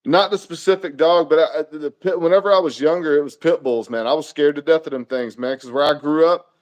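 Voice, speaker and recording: A man's voice: fairly high pitch, brisk. A man co-hosting a podcast, talking in a blunt, emphatic, joking way in casual chat. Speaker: podcast co-host.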